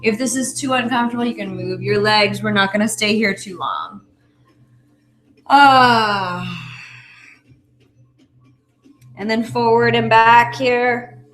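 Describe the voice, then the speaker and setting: A woman leading a yoga class, guiding calmly and chanting short repeated syllables. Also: fairly high pitch, moderate pace. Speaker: yoga teacher. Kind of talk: guided class instruction with chanting. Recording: roomy echo, faint music behind.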